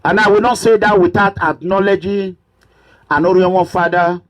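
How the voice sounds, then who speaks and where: A man with a Nigerian accent giving an impassioned political monologue, preachy and repetitive, at times breaking into shouts. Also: high-pitched, steady tone, moderate pace, highs cut off. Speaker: political commentator.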